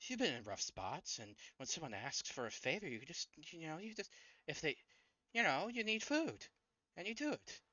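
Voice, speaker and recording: A man's voice: a little high, sing-song, moderate pace, pushed and bright, no echo, lo-fi sound, voice pushed up, heavily acted. A man voicing a frightened, desperate starving man who pleads and panics. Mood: pleading.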